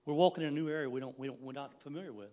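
A man's voice: mid-range voice, racing, warm tone. A man in his sixties giving a folksy, rambling church sermon, laughing now and then. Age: 60s. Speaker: lay preacher.

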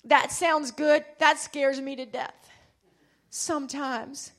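A woman preaching a sermon with passion, calling out to the congregation and swinging between loud and hushed. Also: high voice, fairly even intonation, slow. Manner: calls out to the congregation.

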